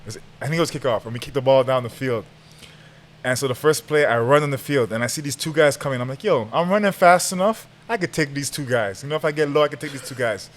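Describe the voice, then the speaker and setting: A young man casually telling a lively football story on a podcast, full of slang, acting out what people said and often laughing. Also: medium pitch, fast. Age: young adult. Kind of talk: animated storytelling, casual chat.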